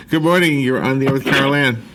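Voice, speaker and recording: A man's voice: mid-range voice, moderate pace, noisy background. Easygoing man co-hosting a radio show. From United States. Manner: easygoing, laughs often, reads call-in number. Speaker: radio co-host. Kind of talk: casual radio banter. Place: radio studio.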